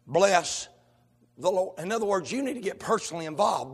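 A male pastor, preaching a sermon that swings from shouted, sung lines to low conversational talk. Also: expressive, fairly quick, slightly rough. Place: church sanctuary. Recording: long hall reverb.

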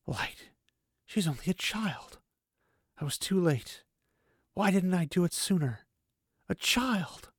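A man's voice: sits high, expressive, slow, long pauses, husky, dry recording, studio quality, voice pushed up, heavily acted. A man doing a desperate grieving young man. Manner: raw, pleading, cracking with strain.

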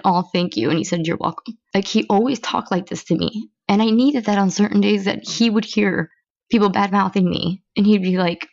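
Gravelly-voiced woman, frank and swearing. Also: medium pitch, dry recording, lo-fi sound. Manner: frank, emotional, swears casually. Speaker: podcast host. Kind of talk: candid personal monologue.

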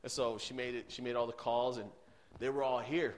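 Casting: man in his thirties, youth pastor at the pulpit, earnest storyteller, loud then hushed. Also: medium pitch, fairly even intonation, brisk. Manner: earnest storytelling, swinging between loud emphasis and hushed tones. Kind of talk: sermon.

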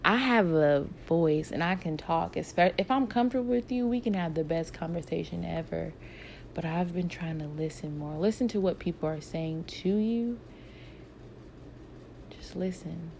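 A woman with a lowish voice that has a gravelly, fry-edged texture gives casual advice in answer to viewer questions. She talks in a reflective, encouraging way and keeps returning to her key points. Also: moderate pace, a little mellow, slight background noise.

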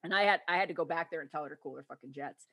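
A woman's voice: deep voice, rapid-fire, fairly bright tone, husky, dry recording. A woman hosting a podcast who rants in casual, heavily profane talk about work stories. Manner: profane, fired-up ranting. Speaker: podcast host. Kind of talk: casual chat.

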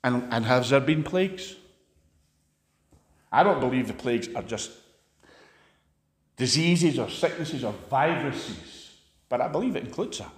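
A man preaching an impassioned sermon, swinging between loud emphatic peaks and hushed asides. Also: medium pitch, lively intonation, unhurried, pauses often.

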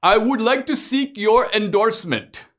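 A man voicing a timid, overly formal immigrant man from India with a high, eager voice. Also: expressive, normal speed, a bit bright. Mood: earnest.

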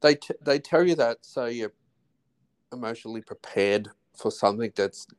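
The host's husband, an Australian in his forties, joins the podcast for a casual chat. He talks at normal speed in a medium-pitched voice, frequently restarting and leaving phrases unfinished.

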